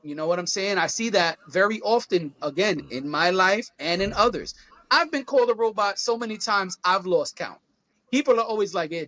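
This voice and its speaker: A man's voice: high-pitched, a bit bright, dry recording. A man co-hosting a podcast, talking things through in an earnest, conversational way and often checking in with his listeners. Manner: earnest, conversational, often asks "you feel what I'm saying". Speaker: podcast co-host. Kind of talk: casual podcast discussion.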